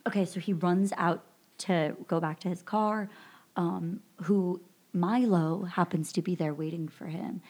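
Woman, low voice, casual podcast chat, rambling film recap, lots of "um" and "like". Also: steady tone, a little slow, darkish tone. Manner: rambling recap full of fillers and "like".

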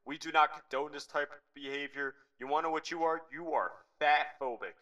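A podcast co-host putting on a rude, impatient fast-food cashier who swings from mock-formal politeness to cursing. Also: male voice, fairly high pitch, fairly even intonation, pushed and bright. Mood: exasperated.

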